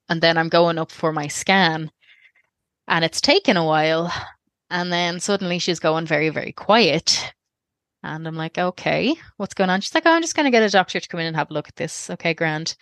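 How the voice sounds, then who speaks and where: Low-voiced Irish woman telling her story. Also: fairly bright tone, no room sound, studio quality. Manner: rambling, self-interrupting, candid. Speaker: guest. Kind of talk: personal storytelling interview.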